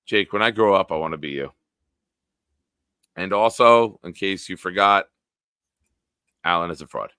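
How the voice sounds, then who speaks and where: A man's voice: sits low, expressive, moderate pace, pauses often, bright, forceful tone, clean tone, no room sound. A young man hosting a sports podcast live stream, casually joking and reading out viewer comments. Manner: jokey, reads out viewer comments.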